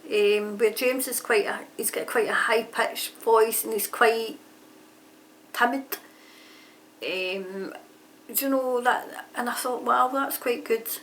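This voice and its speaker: A woman's voice: a little high, steady tone, slow pace, pauses often, fairly bright tone, a little hiss or hum. A woman chatting casually about her writing, rambling and often correcting herself mid-sentence. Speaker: aspiring author answering a tag. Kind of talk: casual chat. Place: home near a railway line. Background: trains passing.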